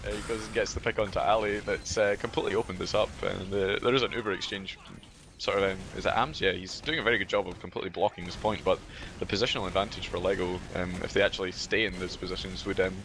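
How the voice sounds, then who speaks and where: A man with a Scottish accent casting a live esports match, relaxed and full of fillers. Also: low voice, fast, noisy background. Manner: relaxed, filler-heavy play-by-play with banter. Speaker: esports caster. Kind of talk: live game commentary.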